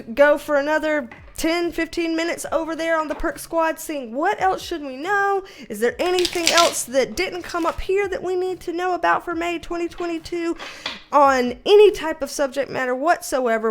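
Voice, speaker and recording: A woman's voice: high-pitched, a little hiss or hum. A woman, a tarot reader chatting casually to her viewers in a loose, repetitive way. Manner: chatty, loose and repetitive, talks baby-talk to a puppy. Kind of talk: casual vlog chat.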